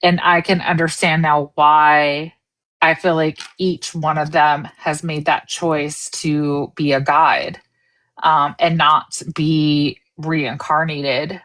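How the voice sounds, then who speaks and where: A woman with a notably low voice co-hosts a relaxed livestream talk. She speaks reflectively and thinks things through as she goes. The tone stays casual and personal. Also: takes it slowly. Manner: reflective, thoughtful.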